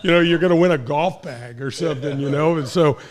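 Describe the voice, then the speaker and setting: A man in his sixties from St. Louis hosts a relaxed talk show, spinning animated anecdotes and slipping into the voices of people he quotes. His speaking voice sits a bit high for a man. He stumbles and restarts now and then as he goes. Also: a little fast, crowd noise. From St. Louis, Missouri. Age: 60s. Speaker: host, former pro golfer. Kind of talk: casual storytelling chat.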